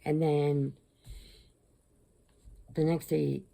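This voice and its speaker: A woman's voice: low-pitched, level tone, extremely slow, creaky, dark tone. A middle-aged woman hosting a crochet channel, rambling through stories in a chatty, casual way. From Illinois, USA. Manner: rambling, chatty, laughs often. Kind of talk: casual storytelling vlog.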